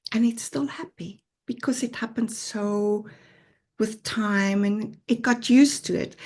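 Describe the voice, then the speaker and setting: South African woman, podcast guest, unhurried earnest storyteller with a mid-range voice. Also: mid-range voice. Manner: earnest, reflective, with soft laughs. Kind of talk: personal storytelling interview.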